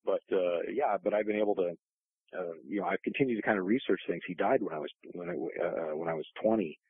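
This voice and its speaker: A man with a very low, gravelly voice tells long family stories, circling back with restarts and fillers. His voice comes through a tinny phone line, dry and close. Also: fast, no echo. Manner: rambling, many restarts and fillers. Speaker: guest author. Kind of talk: casual storytelling interview.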